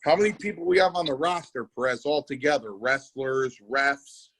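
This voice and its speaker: Chatting casually on his podcast, a middle-aged man swears, repeats himself, and spins wrestling stories. He has a mid-range, slightly bright voice and speaks at normal speed, though the audio is poor.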